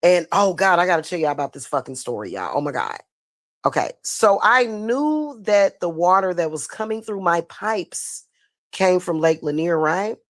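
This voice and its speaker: A woman's voice: fairly low pitch, moderate pace, dry recording, clean studio sound. A woman hosting a spiritual livestream, telling a story in casual, profane talk that is full of y'all. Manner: profane, animated, addresses viewers as y'all.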